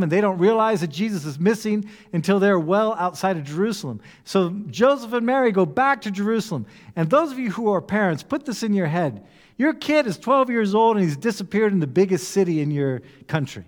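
A man preaching a sermon in an animated way, now and then acting out voices with humor. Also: high voice. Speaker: pastor. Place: church hall. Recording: long echo of a church hall.

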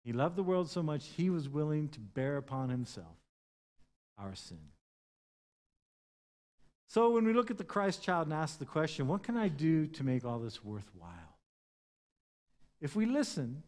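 A man preaching a sermon as pastor, moving from loud, stressed points to quiet, hushed lines and acting out the words of scripture figures. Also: medium pitch. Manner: impassioned, swings between loud emphasis and hushed tones.

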